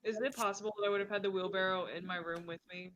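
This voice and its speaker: A woman's voice: mid-range voice, steady tone, racing, fairly bright tone, a little hiss or hum. A woman playing a tabletop game, speaking wryly and swearing casually. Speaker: player.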